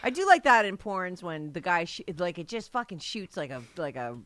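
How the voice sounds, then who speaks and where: Bright, teasing woman co-host. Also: lowish voice, sing-song, normal speed, no room sound. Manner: teasing, probing questions. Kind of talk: casual podcast chat.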